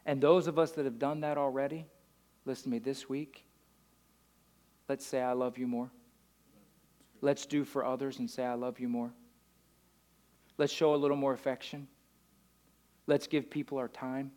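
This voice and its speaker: A man preaching a sermon as a pastor, swinging from loud declarations down to hushed storytelling. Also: medium pitch, steady tone, unhurried, pauses often.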